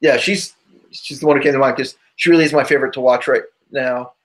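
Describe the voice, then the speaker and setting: A man's voice: mid-range voice, steady tone, quick pace, fairly bright tone. A man co-hosting a podcast in casual chat, rambling and loose, full of asides. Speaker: podcast co-host.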